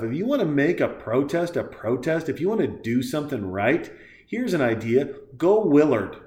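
A man hosting a podcast, delivering a crude, heated and sarcastic rant as casual commentary. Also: on the high side. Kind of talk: profane ranting commentary. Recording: echoey room.

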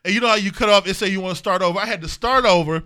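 Very high, bright-voiced man. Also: rapid-fire. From US Midwest. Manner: animated, profane storyteller who laughs a lot. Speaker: podcast co-host. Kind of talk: casual podcast banter.

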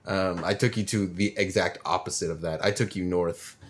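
A man with a fairly low voice recounting a tabletop game in a halting, filler-heavy way. He talks loosely and casually. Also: steady tone. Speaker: podcast co-host and game master. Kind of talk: casual chat.

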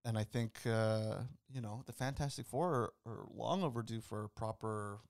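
A man talks on a podcast in an everyday voice with a dry, close sound. He rambles through his opinions with easy confidence, and his voice often drops softer at the ends of thoughts. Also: on the low side, normal speed, dry recording. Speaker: podcast co-host. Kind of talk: casual chat.

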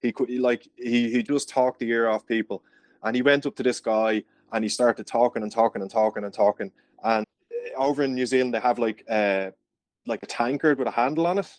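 Man, Irish accent, podcast guest, casual storyteller, mid-pitched, dry close sound. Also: brisk, no echo. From Ireland. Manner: chatty storyteller, laughs often. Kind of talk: casual chat.

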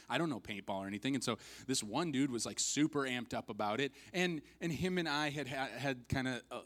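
A male pastor delivering a sermon in an animated, storytelling way. He mocks himself with humor and slips into acted-out voices for the people in his story. His voice sits at an everyday middle pitch for a man. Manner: animated storyteller, acts out quotes, self-mocking humor.

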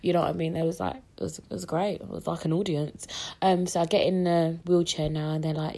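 A young woman with a British accent, telling a personal story in a lively, slangy way and acting out the voices of the people in it. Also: low voice, a little fast. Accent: British English. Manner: animated, acts out quoted voices, slangy. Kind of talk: casual storytelling.

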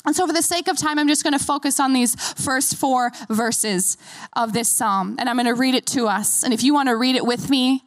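A woman pastor in her thirties preaches with a bright, high voice. She speaks earnestly and encouragingly to her congregation. The sound is close and dry, with almost no room echo. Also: fairly quick. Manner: earnest, encouraging, leads the congregation in repeating lines. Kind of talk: sermon.

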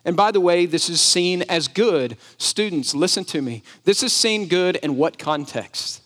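A man preaching a sermon. His voice sits a little high for a man. He speaks emphatically and keeps asking the congregation questions. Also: animated, measured pace, fairly bright tone. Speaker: pastor.

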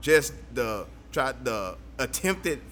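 A man's voice: medium pitch, big pitch swings, slow, a bit bright, soft background music. A man hosting a casual podcast chat, laughing often and asking questions. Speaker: podcast host.

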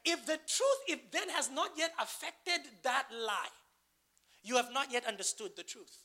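A man's voice: very high voice, animated, a little slow, bright, forceful tone. A man preaching a sermon, asking the congregation questions and building to emphatic bursts.

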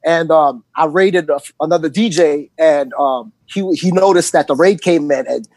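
A man's voice: a little high, normal speed, a little mellow, no echo. A man with a New York accent, a DJ chatting casually on a podcast, rambling with lots of ums. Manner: rambling, many ums and you-knows. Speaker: guest DJ.

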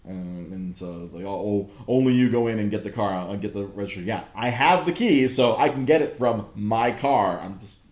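A man's voice: lowish voice, normal speed, few pauses, darkish tone. A man in his thirties hosting a podcast, telling an exasperated, profanity-laced story in casual chat. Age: 30s. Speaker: podcast host. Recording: roomy echo.

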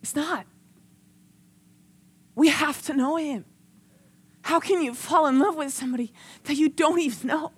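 A woman with a voice that sits high preaches into a microphone at a measured pace, pausing often. Conversational and earnest, she shares personal stories with frequent "like" and builds in intensity.

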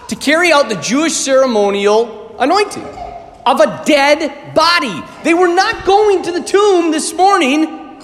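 A man, a priest, giving a homily at Mass, telling the story animatedly, acting out startled reactions and often clearing his throat. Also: extremely high pitch, a bit bright. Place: church. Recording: long church reverb.

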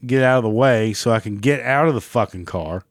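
A man angrily retelling a story, swearing heavily and pitching up when worked up. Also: brisk, no echo, studio quality. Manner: heated, heavy swearing, rising pitch when agitated. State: still angry about the event. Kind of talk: angry personal storytelling.

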